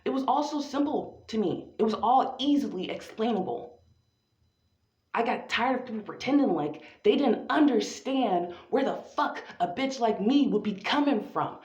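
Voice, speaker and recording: Woman, fairly high voice, profane spoken-word monologue, theatrical and drawn out, echoey lo-fi room recording. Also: expressive, moderate pace, darkish tone.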